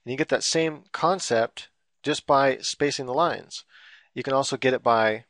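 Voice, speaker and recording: A man's voice: mid-range voice, normal speed, fairly bright tone, no echo, studio quality. A man giving a casual, rambling drawing tutorial while he works on screen, full of fillers and loose explanations. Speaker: drawing instructor.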